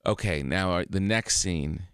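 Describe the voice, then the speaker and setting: A man guest on a radio show, chatting casually and telling animated stories, laughing often, in a studio. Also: sits low, a little slow, smooth, dry recording. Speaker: comedian guest. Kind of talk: casual interview chat.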